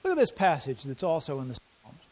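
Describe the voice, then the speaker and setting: Preacher guy, slightly high voice, gets loud then drops real quiet, reads verses slow. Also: wildly swooping pitch, low-quality recording. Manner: dynamic, swings from loud emphasis to quiet intensity; reads scripture aloud slowly. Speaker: pastor. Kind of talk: sermon.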